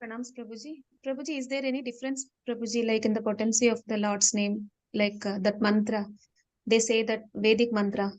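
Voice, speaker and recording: A woman, asking a question in an online class in a polite, halting way. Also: a little high. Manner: polite, halting, even-toned. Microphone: video call.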